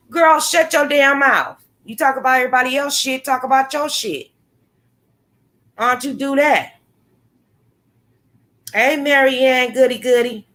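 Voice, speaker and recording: Blunt, animated woman chatting on a livestream. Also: high voice, normal speed, pauses often. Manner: blunt, animated, swears freely, talks to chat viewers. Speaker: livestream host. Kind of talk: casual live-stream commentary.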